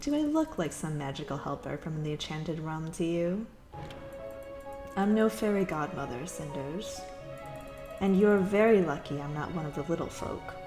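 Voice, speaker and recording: Wry sardonic woman mentor read by a woman, low voice, matter-of-fact, echoey room with music. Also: animated, moderate pace. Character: dry, sardonic middle-aged woman mentor.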